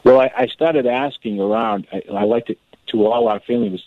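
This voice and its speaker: A man, a guest author, telling a family story in a radio interview, animated and often repeating words as he goes. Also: medium pitch, fairly quick, no echo. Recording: tinny phone line.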